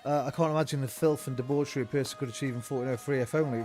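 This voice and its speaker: A man's voice: mid-range voice, steady tone, racing, darkish tone, soft background music. A man giving casual, profane, rambling commentary as he streams a game.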